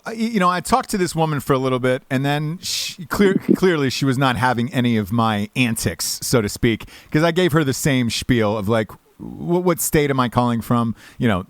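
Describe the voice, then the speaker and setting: Animated swearing podcast host, man. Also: medium pitch, dry recording. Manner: animated storytelling, profane. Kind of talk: casual podcast chat.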